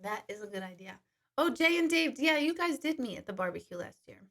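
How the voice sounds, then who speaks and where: A woman's voice: on the high side, sing-song, fairly quick, fairly bright tone. A woman working as an intuitive medium, chatting casually on a live stream, reading viewer questions aloud and laughing often.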